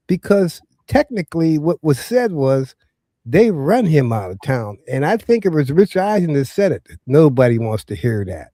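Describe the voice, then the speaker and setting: A man on a sports panel who tells stories in an animated way. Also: a little high, moderate pace, no echo. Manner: animated storyteller. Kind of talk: casual panel chat.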